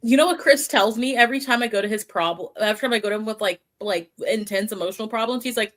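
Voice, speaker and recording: A woman co-hosting a podcast, talking in a relaxed, casual way. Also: medium pitch, fast talker, hardly any pauses. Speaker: podcast co-host. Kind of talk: casual chat.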